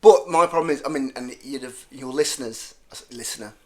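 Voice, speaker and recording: A man with a strong Brummie accent chats as a podcast guest comedian. His talk is rambling and jokey, full of restarts and self-corrections as he works through an idea. His pitch sits in an ordinary middle range for a man. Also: a little fast. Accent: Birmingham (Brummie). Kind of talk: casual podcast chat.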